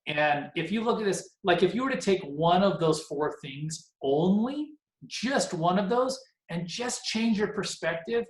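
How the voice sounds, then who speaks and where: A man's voice: on the high side, echoey room, rough recording. A man in his forties leading a casual motivational team meeting on a video call, rambling and self-deprecating. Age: 40s.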